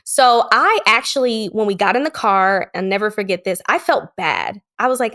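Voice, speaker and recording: A woman who is a podcast guest, telling a candid personal story and acting out the quoted lines in a lively way. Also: mid-range voice, moderate pace, hardly any pauses. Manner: animated, acts out quoted lines.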